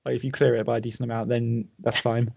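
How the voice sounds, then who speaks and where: A man's voice: mid-range voice, little pitch movement, fast, creaky, a little mellow, breathy edge, no room sound, dull audio. A man running a tabletop game as dungeon master, narrating casually and chuckling often.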